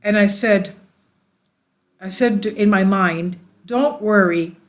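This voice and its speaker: A woman with an alto voice, a church leader telling a personal testimony and reading an article aloud, unhurried and rambling. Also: medium pitch, steady tone.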